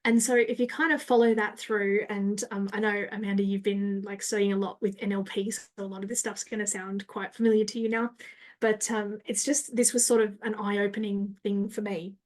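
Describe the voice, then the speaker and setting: A woman's voice: mid-range voice, flat delivery, normal speed. A woman marketing coach, a guest on a podcast, who explains her ideas in a casual coaching tone and often checks in with "right?".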